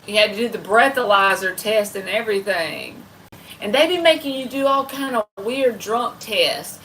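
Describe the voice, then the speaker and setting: A woman's voice: medium pitch, expressive, moderate pace, a bit bright, recorded from a distance, a little hiss or hum, poor audio. A woman from the American South with a Southern accent, hosting a casual late-night livestream and chatting folksily with her viewers. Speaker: livestream tarot reader host.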